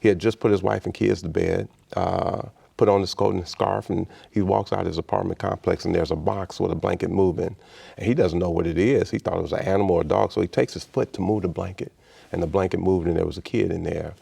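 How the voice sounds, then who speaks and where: Deep gravelly man telling a story. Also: fast. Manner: animated storyteller who acts out the voices in his story. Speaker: interview guest, state official. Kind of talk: personal storytelling in a conversational interview.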